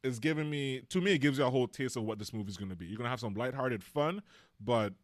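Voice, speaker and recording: A man's voice: medium pitch, fast, dry recording, studio quality. A man co-hosting a podcast, chatting casually about a film and acting out scenes now and then. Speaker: podcast co-host.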